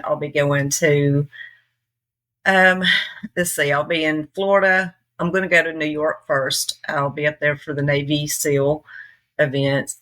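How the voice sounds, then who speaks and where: A woman's voice: low voice, fairly bright tone. A woman from Tennessee with a Southern accent, a nonprofit leader chatting in an interview, laughing often and trailing off with fillers. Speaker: nonprofit CEO guest. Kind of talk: casual interview talk.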